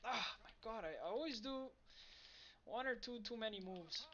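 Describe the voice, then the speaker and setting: A livestream host chatting with viewers while playing a game, reacting loudly and cursing at their own play. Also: medium pitch, normal speed, dull audio, slight background noise. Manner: profane, excitable reactions to own gameplay. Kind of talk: casual live gaming stream chat.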